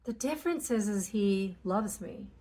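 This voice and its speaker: A woman's voice: mid-range voice, lively intonation, unhurried, mellow. A woman talking casually and candidly about spiritual energies, swearing freely and acting out inner conversations. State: tearful at moments. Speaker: spiritual channel host.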